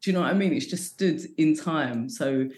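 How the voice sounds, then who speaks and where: A woman's voice: low-pitched, normal speed, darkish tone. A British woman in her forties, a comedian guest chatting casually with lots of slang, swearing and fillers. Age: 40s. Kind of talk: casual chat.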